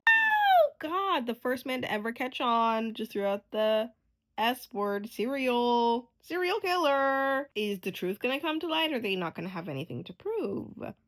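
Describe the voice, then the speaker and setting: Lively young woman reacting out loud. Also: fairly high pitch, normal speed, poor audio. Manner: animated, exclaiming and laughing often. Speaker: vlogger reacting to a TV show. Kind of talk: casual reaction commentary.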